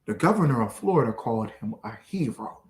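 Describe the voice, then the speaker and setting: Man, fiery preacher, lively pitch swings, echoey recording. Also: fairly quick, noisy background. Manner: fiery, swings from shouting to low muttering. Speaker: street preacher.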